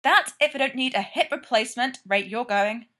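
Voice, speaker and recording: Woman putting on an excitable wisecracking young man. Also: a little high, normal speed. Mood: eager. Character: excitable wisecracking male character, quick and breathless.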